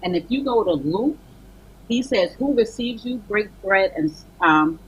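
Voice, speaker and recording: Husky bright-voiced woman guest on morning tv, animated, acting out convos with god. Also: mid-range voice, a little slow, lo-fi sound. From Barbados. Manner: lively storytelling, acts out dialogues with God, exclamations. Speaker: author and guest. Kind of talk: animated faith talk on morning TV. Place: TV studio.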